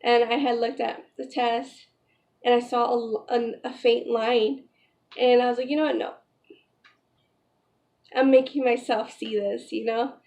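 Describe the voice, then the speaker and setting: A woman's voice: on the high side, level tone, a little slow, darkish tone. A young pregnant woman chatting in a casual vlog, retelling a story emotionally with lots of "like" and "you know". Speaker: vlogger.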